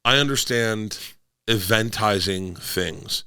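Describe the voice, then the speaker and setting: Low-voiced man, rambling, swearing storyteller. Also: takes it slowly, sharp tone, smooth, dry recording, studio quality. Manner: rambling storyteller who swears freely and acts out other people's lines. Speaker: touring stand-up comedian, podcast guest. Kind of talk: casual podcast chat.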